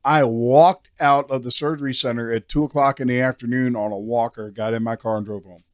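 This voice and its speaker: A man hosts a podcast in a relaxed, conversational way. He often adds short sounds of agreement while his guest talks. The recording is dry and close, with no room echo. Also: medium pitch, fairly quick. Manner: relaxed, frequent affirming murmurs. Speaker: podcast host.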